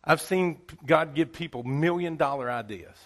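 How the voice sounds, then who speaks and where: A man's voice: a little high, normal speed, fairly bright tone. A man preaching a sermon to his church in a folksy, repetitive style. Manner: folksy preaching with repeated phrases. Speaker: pastor. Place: church sanctuary.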